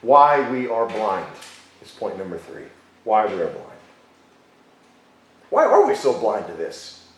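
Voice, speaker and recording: A man preaching a sermon as pastor, emphatic, repeating key phrases and slowing down for stress. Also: lowish voice, wildly swooping pitch. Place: church sanctuary. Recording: very echoey church hall.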